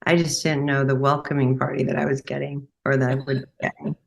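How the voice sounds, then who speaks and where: A woman's voice: a bass voice, little pitch movement, quick pace, gravelly. A woman working as a medium on a podcast, hesitantly passing along what she says she is being told. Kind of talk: conversational relaying of messages.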